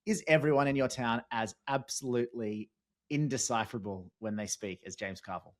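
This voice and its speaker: A man's voice: mid-range voice, brisk. A man with an Australian accent, hosting a casual podcast chat with upbeat, chatty introductions. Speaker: host.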